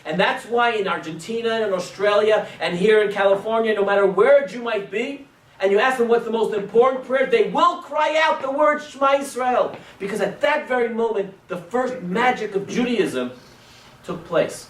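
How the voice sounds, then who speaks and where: A male rabbi tells a story to his class in a high, animated voice, shifting from ringing exclamations to hushed asides. He sprinkles in Hebrew and Yiddish words. The sound is roomy and distant, with faint noise behind. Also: moderate pace. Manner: dramatic, swings between loud exclamations and hushed asides. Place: synagogue classroom. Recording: echoey room, distant mic, faint noise.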